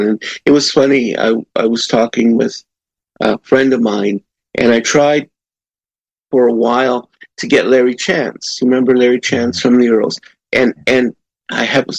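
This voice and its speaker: A man hosting a music interview show, chatting in an easygoing, halting way. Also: medium pitch, creaky, slightly rough, no echo. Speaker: radio show host. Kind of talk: casual interview chat.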